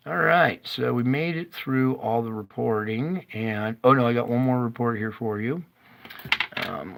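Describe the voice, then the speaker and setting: A man presenting a casual live-stream weather report, talking in a slow, stop-start way and praying aloud under his breath when things go wrong. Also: medium pitch, vocal fry, fairly bright tone.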